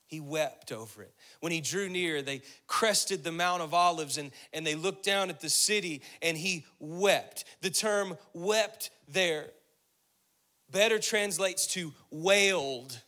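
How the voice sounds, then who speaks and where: Bright-voiced male pastor preaching. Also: high-pitched, takes it slowly. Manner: preaching with rising intensity, voicing Jesus' words; repeats phrases for emphasis. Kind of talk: sermon.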